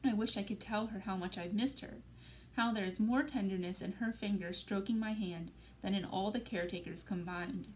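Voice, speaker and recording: A woman's voice: medium pitch, moderate pace, a little mellow, slight background noise, low-quality recording. Woman reading a novel aloud. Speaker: library story reader.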